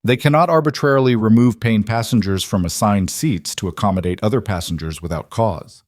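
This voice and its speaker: A man voicing a calm, principled male executive who speaks reasonably and precisely. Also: on the low side, brisk, no echo, studio quality, close to an everyday voice.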